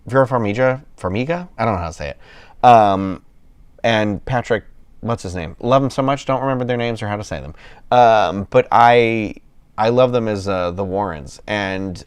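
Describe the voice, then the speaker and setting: A man's voice: fairly low pitch, animated, moderate pace, clear, resonant tone, no echo. Rambling man chatting on a livestream. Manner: rambling, enthusiastic, many fillers and restarts. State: yawning, tired. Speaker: livestream host. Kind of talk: casual livestream chat.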